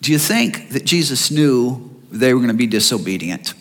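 Bright-voiced preacher in a reverberant hall. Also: male voice, medium pitch, normal speed. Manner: expressive, asks the listeners rhetorical questions. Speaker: pastor. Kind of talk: sermon.

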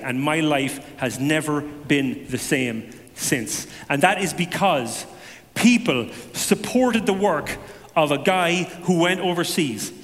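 Guy sharing his testimony, lively and joking at his own expense, big echoey hall. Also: fairly high pitch, unhurried. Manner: animated storytelling with self-deprecating humor. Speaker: speaker giving a personal testimony. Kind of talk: conversational testimony to a congregation.

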